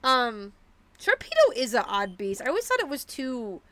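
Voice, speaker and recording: A woman's voice: sits high, huge pitch swings, normal speed, fairly bright tone, no room sound. A young woman streaming a video game, chatting casually with her viewers in a rambling way full of fillers and restarts. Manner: rambling, many fillers and restarts, talks to chat. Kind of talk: casual live-stream chat while gaming.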